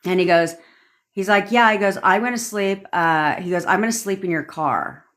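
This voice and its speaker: A woman's voice: medium pitch, normal speed, a bit bright. A woman, a manifestation coach, telling a story in a casual live-stream rant, swearing freely and repeating points for emphasis.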